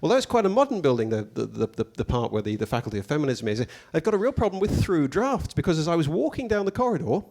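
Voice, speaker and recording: A male stand-up comedian with a fairly high-pitched voice. He tells his stories in a deadpan, mock-pompous manner and drops dry asides along the way. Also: fast, hardly any pauses.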